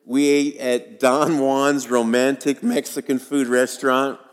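A pastor in his fifties preaching to his congregation in a relaxed, folksy manner, slipping into jokes about himself. His middle-pitched voice carries a long reverb from the sanctuary. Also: measured pace. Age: 50s. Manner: conversational, folksy storytelling with self-deprecating humor. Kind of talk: sermon. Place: church sanctuary.

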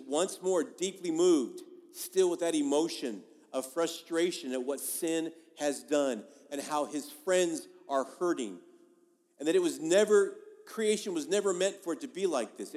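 A man as a pastor giving a sermon in a church, preaching in a conversational but emphatic way and swinging between loud and soft. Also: fairly high pitch, moderate pace. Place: church sanctuary. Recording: long reverb of a large hall.

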